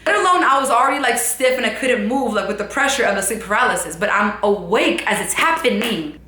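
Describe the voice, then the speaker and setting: A young woman vlogger telling a story casually to camera, animated and full of "like" fillers. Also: on the high side, a little fast, slight background noise. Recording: roomy echo.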